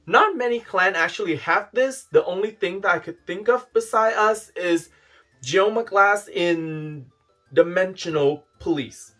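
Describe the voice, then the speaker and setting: A man chatting excitedly through a casual card review on his channel. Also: sits high, a little slow, soft background music. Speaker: card game youtuber.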